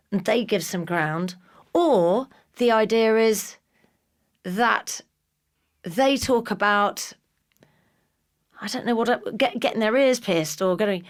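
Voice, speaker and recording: A middle-aged woman from England talks in a relaxed podcast chat. She tells her stories with energy and slips into other people's voices whenever she quotes them. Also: mid-range voice. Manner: animated storyteller, acts out voices in quotes. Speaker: guest. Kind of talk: casual podcast conversation.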